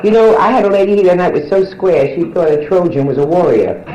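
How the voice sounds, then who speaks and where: A woman's voice: on the low side, animated, quick pace, dull audio, very noisy. An older woman doing bawdy nightclub stand-up, teasing and bantering with the crowd in a brassy way. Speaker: stand-up comedian. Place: nightclub stage. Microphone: handheld steel mic. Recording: roomy live club recording with audience.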